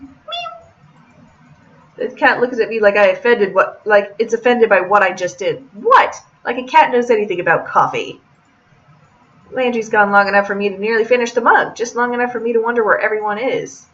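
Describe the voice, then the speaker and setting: A woman's voice: mid-range voice, a little fast, a bit bright, muffled recording. Young woman chatting through a visual novel. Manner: chatty, joking asides. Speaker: let's play host. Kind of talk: reading a visual novel aloud with commentary.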